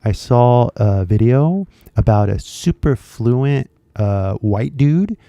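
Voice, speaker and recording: A man's voice: medium pitch, lively intonation, takes it slowly, vocal fry, dark tone, no room sound. A young man teaching English in a casual, rambling spoken lesson, full of fillers and asides. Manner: chatty, rambling, lots of fillers.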